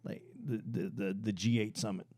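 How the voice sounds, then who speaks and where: A man's voice: on the low side, fairly even intonation, warm tone, no room sound. A man co-hosting a podcast, explaining his views earnestly with frequent restarts. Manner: halting, restarts often, lectures earnestly. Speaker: podcast co-host. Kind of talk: casual podcast discussion.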